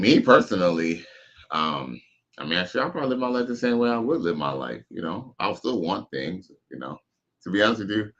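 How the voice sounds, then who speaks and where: A man with a very low voice chats casually on his live stream, reading viewer comments and riffing in relaxed slang. His voice comes through muffled and dull. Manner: laid-back slangy banter, reads chat aloud.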